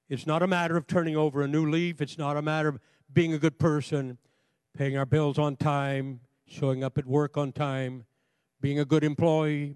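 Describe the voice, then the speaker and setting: A man's voice: fairly high pitch, darkish tone, dry recording. Preacher guy getting fired up, has the church repeat after him, close dry mic. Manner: fervent, leads the congregation in call and response. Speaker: pastor. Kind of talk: sermon with altar call. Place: church sanctuary, also streamed online.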